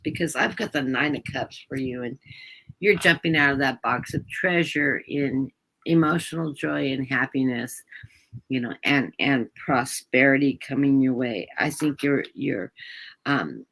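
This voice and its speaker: An American woman with a gravelly, husky edge and a sharp, bright tone, reading tarot cards for viewers on a live stream. She is chatty and upbeat and laughs easily. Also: very deep voice, rough recording. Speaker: guest tarot reader.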